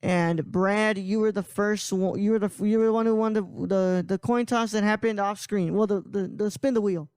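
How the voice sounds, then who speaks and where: A man's voice: high-pitched, steady tone, moderate pace, hardly any pauses, darkish tone, clear, resonant tone, no room sound. A man hosting a casual podcast, rambling with frequent laughs and restarts. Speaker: podcast host.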